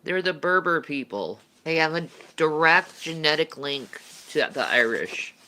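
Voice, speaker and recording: A woman's voice: sits low, lively intonation, measured pace, pushed and bright. A woman livestreamer chatting casually and answering viewer questions, rambling and laughing, often restarting her sentences.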